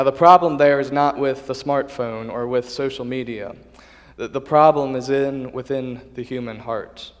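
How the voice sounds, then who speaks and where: Earnest preacher in a reverberant hall. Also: male voice, medium pitch. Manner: earnest, measured, with small restarts. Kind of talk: sermon.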